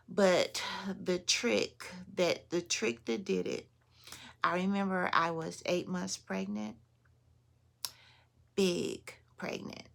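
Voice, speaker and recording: A woman vlogger relates a story in a casual, animated storytime style. Her voice sits low and has a gravelly texture, yet it comes across sharp and forceful. She laughs often and keeps addressing her viewers.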